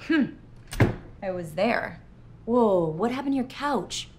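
Sketch role: a sarcastic young girlfriend, highish voice with a lively range. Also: slow pace. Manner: exasperated, sarcastic. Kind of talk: scripted comedy sketch acting.

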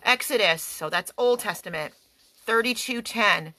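A woman's voice: mid-range voice, unhurried, bright, forceful tone. Commanding woman declaring fiery prayers. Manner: commanding, declaiming, rises to emphatic outbursts. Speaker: activist prayer leader. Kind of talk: fiery prayer and scripture reading. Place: in a parked car.

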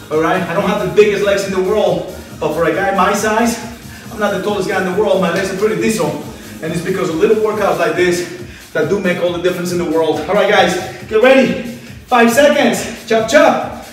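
Counting reps at a quick clip, a high-pitched male instructor runs a live home workout, winded but full of encouragement. Faint music plays behind him, and the far-off mic catches plenty of room echo.

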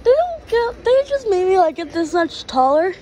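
Female vlogger, high pitch, chatty and gushing, filming on a phone in a store with faint background noise. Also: sing-song, normal speed, a little mellow, poor audio. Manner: chatty, gushing, many fillers and restarts. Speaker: plant vlogger. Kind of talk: casual vlog walkthrough. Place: indoor garden store.

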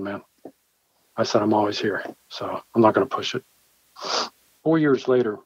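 A man's voice: lowish voice, no room sound. A man, a church pastor and former Marine, telling a personal story in an interview, vividly acting out the dialogue he quotes. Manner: earnest, vivid storyteller who acts out his own quoted dialogue. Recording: dull, slightly lo-fi dry recording.

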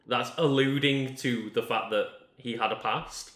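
A man hosting a let's play, chatting in a relaxed, agreeable way and laughing often. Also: medium pitch, measured pace. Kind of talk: casual gaming chat. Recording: roomy echo.

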